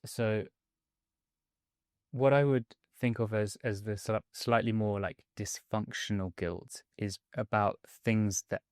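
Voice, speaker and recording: Soft-spoken hedging male coach. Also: on the low side, fairly even intonation, no room sound, clean studio sound. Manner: measured and hedging, many "sort of" and "kind of". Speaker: mindset and anxiety coach, podcast guest. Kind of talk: conversational interview.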